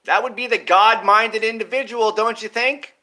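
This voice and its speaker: High, bright man ranting erratically. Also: steady tone, moderate pace. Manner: erratic, profane and rambling, with big swings in pitch and loudness. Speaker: vlogger. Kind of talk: rambling monologue to camera.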